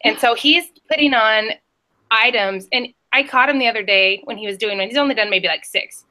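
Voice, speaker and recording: Woman on a reseller panel, bright rambling talker, video call. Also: on the high side, a little fast. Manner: chatty and rambling, lively storytelling. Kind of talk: casual chat.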